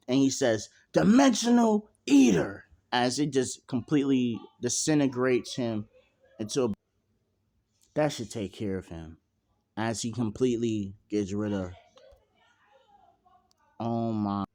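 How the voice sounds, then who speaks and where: A man's voice: mid-range voice, darkish tone. A young man narrating a fan-made story at home in a casual, rambling way, full of fillers and slang and freely swearing.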